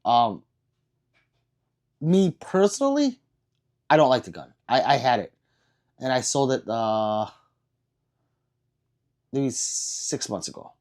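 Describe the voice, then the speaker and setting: A man's voice: mid-range voice, sing-song, slow pace, pauses often, a little mellow. A man hosting a casual livestream, reading viewer comments in a rambling, self-deprecating way with frequent restarts. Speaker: livestream host.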